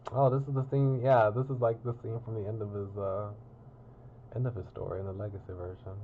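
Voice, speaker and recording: A man's voice: on the low side, flat delivery, fairly quick, narrow, tinny audio, a little hiss or hum. A man reading through a visual novel on stream, narrating and chatting about it in a rambling, casual way with lots of fillers. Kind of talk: casual game commentary and narration.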